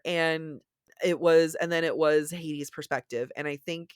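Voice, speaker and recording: Low-voiced woman chatting about books. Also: steady tone, unhurried, clear, resonant tone, no room sound, studio quality. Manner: rambling, self-deprecating, restarts often. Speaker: podcast co-host. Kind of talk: casual book chat.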